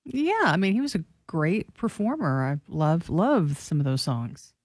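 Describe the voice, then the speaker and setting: A woman's voice: low voice, big pitch swings, a little slow, dry recording, clean studio sound. A young woman, the show's news anchor, trading playful comebacks with the host. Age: young adult. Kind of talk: casual talk radio banter.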